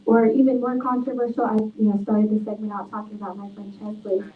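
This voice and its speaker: A woman's voice: mid-range voice, little pitch movement, fast, slight background noise. A woman author speaking at a book talk, telling stories earnestly and reflectively. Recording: tinny, echoey, far from mic.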